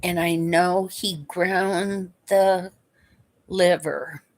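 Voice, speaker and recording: A woman with a somewhat low voice tells stories from her past. She speaks very slowly, with long pauses, and laughs softly between her memories. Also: fairly even intonation. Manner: unhurried and reminiscing, chuckles between memories. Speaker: vlogger. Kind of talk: casual storytelling.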